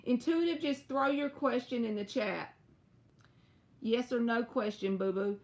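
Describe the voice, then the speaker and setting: A young woman with a Southern US accent reads tarot on a casual live stream. She chats with viewers, drawls and stretches out her words, and jumps suddenly high. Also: measured pace, a little mellow. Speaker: tarot reader.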